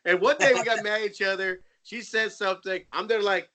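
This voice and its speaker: A man in casual chat, telling lively stories and acting out what others said. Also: high voice, fast, few pauses. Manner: animated storyteller, acts out quotes.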